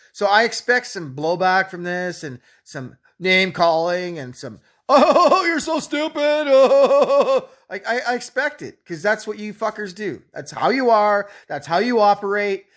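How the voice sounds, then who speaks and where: A man's voice: sits high, expressive, a little slow, a bit bright. A man in his late forties ranting bluntly at critics, swearing nearly every sentence. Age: 40s. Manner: swears constantly, blunt and combative. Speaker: YouTube channel owner. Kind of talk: profane angry rant.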